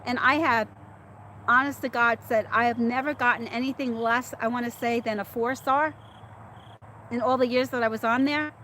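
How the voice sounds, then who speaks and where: This middle-aged woman hosts a casual livestream, reading viewer chat and laughing while she answers people by name. Her voice is on the high side, bright and pushed, with fairly even intonation, a normal speed, and slight background noise.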